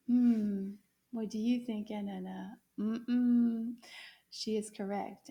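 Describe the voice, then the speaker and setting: A woman teaching a children's lesson, speaking slowly in a sing-song voice to young viewers. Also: on the high side, dark tone. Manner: slow, sing-song teacher voice, drawn-out questions.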